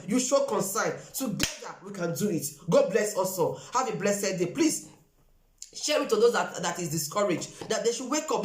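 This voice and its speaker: A woman's voice: medium pitch, echoey room. A Nigerian woman with a Nigerian accent, speaking to viewers in an emphatic, repetitive appeal that slips into Pidgin. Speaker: vlogger.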